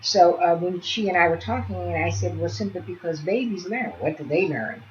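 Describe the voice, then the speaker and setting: A woman who teaches early childhood education, talking through a demonstration and chatting softly to pretend infants as she goes. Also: lowish voice, expressive, moderate pace, lo-fi sound, slight background noise.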